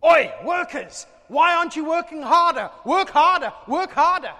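A harsh, bossy taskmaster bellows orders in a high, strained yell, done by a man. It is bright and forceful. A long echo hangs in the hall. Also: animated, moderate pace, heavily acted. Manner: barking orders.

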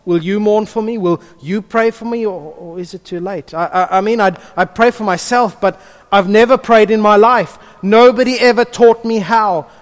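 A man voicing a frightened woman astronaut who is dying alone in space, pleading and halting. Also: high voice, pitched above the performer's own voice, lightly acted. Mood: scared pleading. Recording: long reverb of a large hall.

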